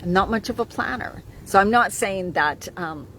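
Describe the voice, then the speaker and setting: A woman's voice: mid-range voice, lively intonation, measured pace, fairly bright tone, slight background noise, rough recording. A woman in her forties talking casually to camera as a wellness coach, chatty, often checking in with "right?". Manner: chatty, keeps asking "right?". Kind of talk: casual talking-head vlog.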